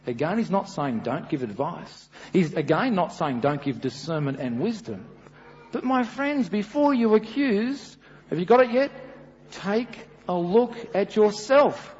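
A middle-aged man with an Australian accent preaching a sermon, animated and storytelling, often slipping into acted voices. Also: high-pitched, a little slow. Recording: dull with long reverb, faint hiss.

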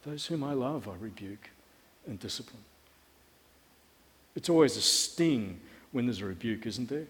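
A man's voice: medium pitch, lively intonation, a little slow, pauses often. Middle-aged male pastor, conversational and wry sermon delivery, echoing church hall. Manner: conversational, wry, asks the congregation questions. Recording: long reverb of a church hall.

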